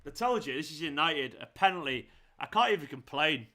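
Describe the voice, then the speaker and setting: A man hosting a live football watchalong, reacting with exasperation, swearing and shouting at the players. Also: fairly high pitch, animated, a little fast. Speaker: fan channel host.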